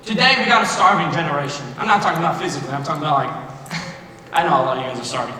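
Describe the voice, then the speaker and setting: A young man, a youth pastor, preaching passionately to high school students, sometimes rising to a shout. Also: rapid-fire, slight background noise. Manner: impassioned, rising to shouts at key points. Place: large echoey school hall. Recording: echoey hall recorded from far off.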